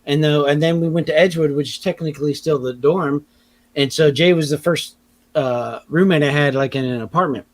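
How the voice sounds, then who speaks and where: A young man with a fairly high voice, co-hosting a casual podcast. He trades stories in easygoing banter and often laughs mid-sentence. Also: fairly quick. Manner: laughs while telling, relaxed banter. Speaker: podcast co-host. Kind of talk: casual storytelling chat.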